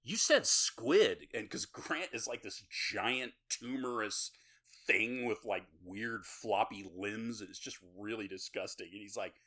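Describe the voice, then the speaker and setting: A man hosting a podcast, casually retelling a horror movie with laughs, swearing and quick quoted lines. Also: fairly low pitch, fairly even intonation, sharp tone. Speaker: podcast host. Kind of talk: casual movie recap chat.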